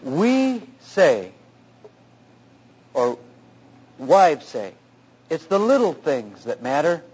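Husky guy pastor, kinda high voice, telling a story in a sermon, earnest, muffled lo-fi tape. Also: extremely slow. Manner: earnest, anecdotal, animated retelling. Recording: dull lo-fi recording.

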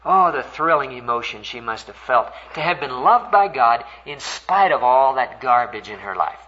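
An older man preaching a sermon, earnest and animated as he tells a story, voice climbing high when stirred. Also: normal speed. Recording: dull, lo-fi recording.

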